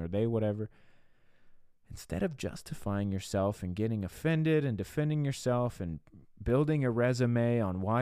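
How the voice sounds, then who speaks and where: A man's voice: fairly low pitch, dark tone, smooth, no room sound, studio quality. A man preaching on a devotional podcast sermon, earnest and conversational, with rhetorical asides to the listener.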